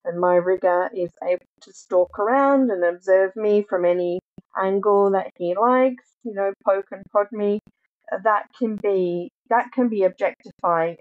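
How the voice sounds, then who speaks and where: A woman speaking as a podcast guest, reflective and thoughtful, often pausing to search for the right words. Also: mid-range voice. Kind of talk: reflective conversational discussion. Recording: dull lo-fi sound.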